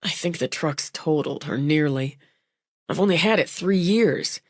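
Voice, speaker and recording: A woman's voice: sits low, normal speed, dry recording. A woman reading voices a shaken young man after a crash, talking in a dry, joking way. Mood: dazed, wry.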